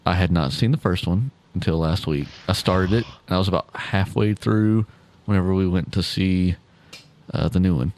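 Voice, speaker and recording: A man's voice: low-pitched, moderate pace, a little mellow, a little hiss or hum. A man co-hosting a podcast in casual chat, laughing and stumbling over his words. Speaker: podcast co-host.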